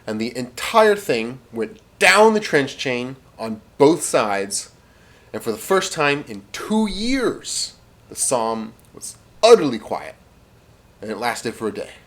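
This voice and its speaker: A man's voice: mid-range voice, very animated, slow, fairly bright tone. A man casually telling a rambling comic story, with fillers and spoken sound effects.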